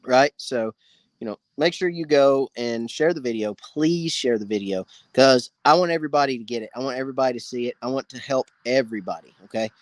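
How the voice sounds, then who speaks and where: A man's voice: medium pitch, brisk, no room sound. A man hosting a casual live fishing Q&A, greeting viewers by name. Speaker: fishing channel host. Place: outdoors by a campfire.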